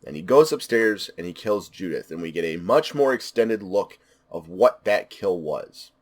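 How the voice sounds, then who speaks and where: A man's voice: low-pitched, lively intonation, moderate pace. A man giving a casual spoken movie review, enthusiastic and repeating words for emphasis.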